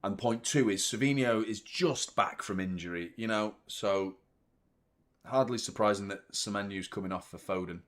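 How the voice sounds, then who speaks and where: Male watchalong host, excitable live match reactions, loud, sweary. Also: on the low side, normal speed. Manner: excitable, swears, shouts at the play.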